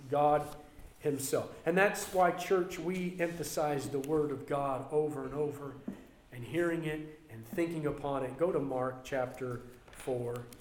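A man preaching a sermon as a pastor, emphatic and swinging between loud passages and quieter ones. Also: fairly high pitch, measured pace. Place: church. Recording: roomy echo.

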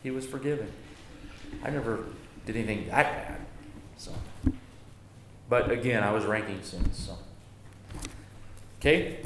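A man's voice: fairly low pitch, animated, a little slow, long pauses. Guy teaching bible class, jokey, fixes his own words a lot, roomy echo, bit of hiss. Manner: conversational, self-correcting, joking. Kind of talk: casual church class teaching. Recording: echoey room, faint noise.

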